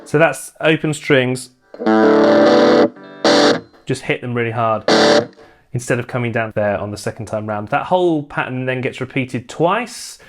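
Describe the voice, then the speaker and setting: A man teaches guitar, explaining picking patterns and fret shapes in a relaxed, step-by-step way. His voice sits at an ordinary middle pitch. Loud electric guitar playing fills the gaps between his sentences. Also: unhurried, long pauses. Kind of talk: guitar lesson walkthrough. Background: loud guitar playing between phrases.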